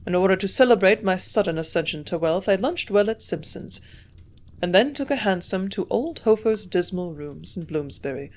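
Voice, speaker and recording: A woman narrating an audiobook with a steady, measured delivery. Her voice sits at a middling pitch, neither high nor low for a woman.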